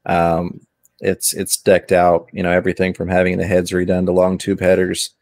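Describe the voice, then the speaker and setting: Gravelly-voiced easygoing man. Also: low-pitched, monotone, normal speed, a little mellow. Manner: easygoing, rambling with restarts. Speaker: host. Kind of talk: casual chat.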